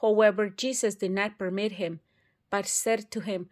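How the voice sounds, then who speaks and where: A woman's voice: medium pitch, fairly even intonation, moderate pace, darkish tone. A woman reading scripture aloud, carefully and with occasional restarts. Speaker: Bible reader.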